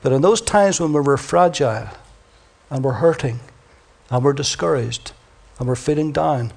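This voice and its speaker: A man preaching a sermon, reading scripture dramatically and swinging from booming declarations to hushed near-whispers. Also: moderate pace, gravelly, long pauses. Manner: reads scripture aloud dramatically.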